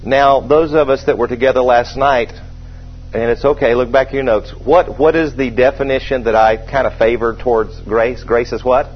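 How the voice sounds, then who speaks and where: A man preaching a sermon in a conversational way, asking the congregation questions and slowing down to stress scripture. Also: medium pitch, fairly even intonation, slight background noise. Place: church service with a congregation. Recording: dull lo-fi sermon recording.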